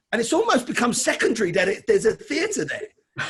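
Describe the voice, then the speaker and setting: Husky chatty man. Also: sits high, very animated, fairly quick, a bit bright. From London. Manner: chatty, calls the host mate. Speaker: interview guest. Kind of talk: casual storytelling.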